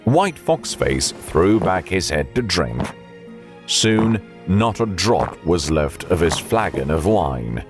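A man narrating an audiobook with measured storytelling and faint music behind. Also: low voice, very animated.

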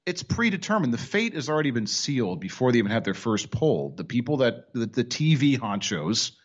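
A man's voice: mid-range voice, very animated, a little fast, highs cut off. A man hosting a casual sports talk show, wisecracking and rambling with frequent restarts.

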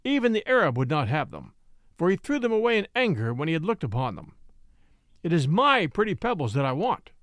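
A man's voice: on the high side, sing-song, a little fast, a bit bright, no echo. A man reading an audiobook, voicing a fierce grown ape-man who growls his demands. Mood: menacing. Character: fierce adult male jungle ape-man.

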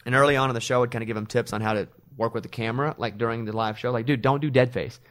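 A middle-aged man hosting a radio show, telling stories in a loose, animated way. He slips into other people's voices when he quotes them, in a middle-range pitch. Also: rapid-fire. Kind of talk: casual chat.

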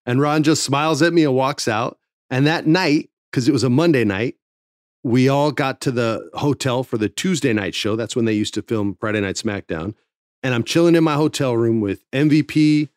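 A man, a former wrestling TV writer, telling a casual backstage story with lively acted-out quotes and free swearing. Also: mid-range voice, normal speed, no room sound, clean studio sound. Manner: animated, swears freely, acts out quotes.

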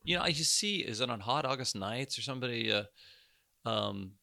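Gravelly, bright-voiced man. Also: mid-range voice, expressive, a little fast, no room sound, clean studio sound. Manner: chatty, joking, rambling with restarts. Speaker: podcast host. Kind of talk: casual podcast chat.

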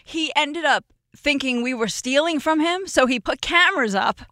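Podcast guest, woman in her forties, bright higher voice, emotional, animated storyteller. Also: normal speed, dry recording, clean studio sound. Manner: emotional, animated, laughs often. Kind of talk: casual storytelling chat.

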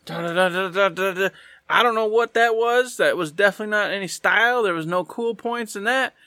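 A man with a high, bright, forward voice co-hosting a gaming podcast. He jokes around playfully and gushes with enthusiasm. The recording is dry and close. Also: brisk, no room sound. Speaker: podcast co-host. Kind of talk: casual gaming podcast chat.

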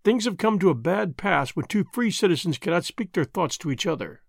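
A man's voice: high-pitched, animated, fairly quick, creaky, no room sound, clean studio sound, full character voice. A man reading the part of a fearful, bitter older lodge brother who speaks with vehemence. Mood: sad. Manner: vehement, pleading, grave.

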